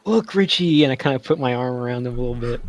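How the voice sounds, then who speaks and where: A man's voice: medium pitch, animated, fast, no echo. A man speaking as a player in a tabletop game, laid-back and wry. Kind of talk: casual in-character table talk.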